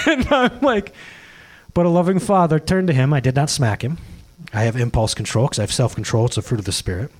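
A man preaching a sermon, telling a jokey family story with quick asides and laughs. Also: medium pitch, lively intonation, husky. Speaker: pastor.

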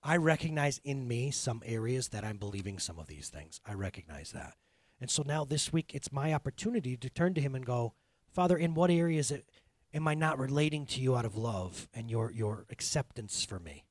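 A man preaching a sermon as pastor, telling stories with animated energy that swings from quiet intensity to loud bursts. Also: medium pitch, a little fast, no echo.

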